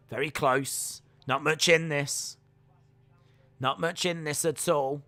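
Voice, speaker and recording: A man hosting a live fight watch-along, giving steady play-by-play full of filler "uh"s. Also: on the high side, slow. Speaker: live stream host and commentator. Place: home streaming setup.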